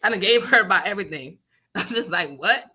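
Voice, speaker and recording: A woman co-hosting a radio show, telling a story in casual chat, animated and swearing, laughing often and acting out what people said. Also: mid-range voice, quick pace, husky. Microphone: studio microphone.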